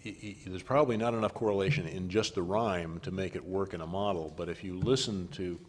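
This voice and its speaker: A middle-aged man answering as a panelist on risk management, measured and given to repeating words while he gathers his thoughts. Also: deep voice, steady tone.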